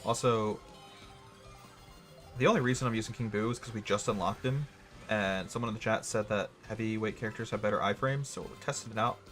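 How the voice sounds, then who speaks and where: A man's voice: on the low side, fairly quick, fairly bright tone, faint music behind. A young man streaming a video game live, rambling and joking sarcastically with his chat. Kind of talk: gaming livestream chat.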